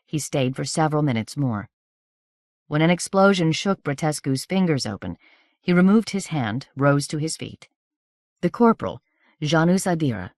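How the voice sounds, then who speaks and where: A woman's voice: low-pitched, a little mellow, dry recording, studio quality. Woman reading a novel aloud. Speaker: audiobook narrator. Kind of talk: scripted narration of a novel.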